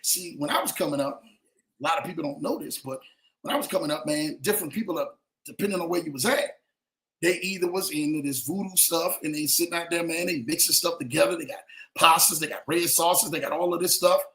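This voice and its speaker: High-voiced man telling stories in a roomy echo. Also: fairly quick. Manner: animated, repetitive, keeps checking in with listeners. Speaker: show host. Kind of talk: casual livestream storytelling and advice.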